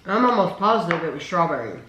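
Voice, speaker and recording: A woman's voice: on the low side, sing-song, fast, fairly bright tone, a little hiss or hum. Enthusiastic woman reviewing snacks, roomy echo. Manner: enthusiastic, reads product descriptions aloud. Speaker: food reviewer host. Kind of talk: casual taste-test chat.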